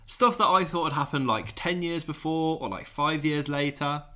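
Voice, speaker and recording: A man's voice: on the high side, normal speed, pushed and bright. A man in his thirties co-hosting a podcast, reading out news items and cracking jokes between them. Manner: jokey, reads out news items with asides. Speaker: podcast co-host. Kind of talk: casual chat.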